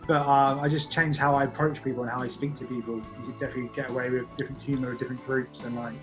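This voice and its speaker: A young Englishman in his twenties answers interview questions at a brisk clip. His speech is loose and chatty, full of fillers and restarts. Faint music plays underneath. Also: medium pitch, little pitch movement. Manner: rambling, many "like" fillers, laughs easily. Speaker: guest magician. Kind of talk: casual podcast interview.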